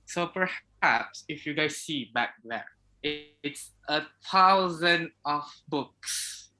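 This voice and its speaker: A man's voice: fairly high pitch, lively intonation, takes it slowly, sharp tone. A man speaking off the cuff on a video call, talkative and joking. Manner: jokey and talkative. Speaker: meeting participant. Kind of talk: impromptu speech.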